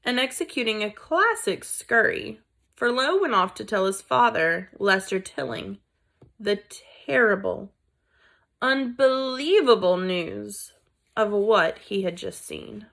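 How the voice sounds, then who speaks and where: A woman reading a children's book aloud in a deliberate storytelling manner. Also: medium pitch, animated, creaky, a bit bright. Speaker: reader.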